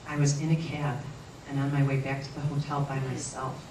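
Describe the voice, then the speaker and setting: Woman guest, earnest halting storyteller, roomy distant recording with faint noise. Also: sits low, flat delivery, darkish tone. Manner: earnest, halting with frequent restarts. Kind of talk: personal storytelling.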